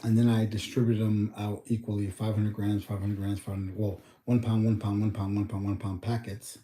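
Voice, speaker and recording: A man's voice: fairly low pitch, level tone, normal speed, mellow, roomy sound, a little hiss or hum. A young man from the States, chatting casually and rambling on his livestream. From United States. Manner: rambling, talks to chat, thinks aloud with numbers. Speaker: livestream host.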